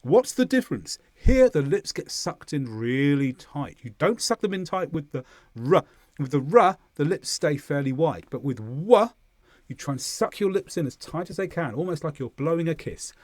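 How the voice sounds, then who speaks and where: A man from southern England with a Southern English accent, teaching English pronunciation and exaggerating each sound slowly as he demonstrates it. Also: a little high, expressive, a little mellow, dry recording, clean studio sound. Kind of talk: pronunciation lesson.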